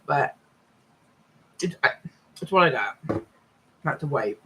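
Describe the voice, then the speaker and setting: A woman's voice: low-pitched, slow pace, a little hiss or hum, low-quality recording. Stoned woman chatting through mouthfuls. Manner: relaxed, talks with mouth full while eating. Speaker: live streamer. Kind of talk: casual chat to viewers.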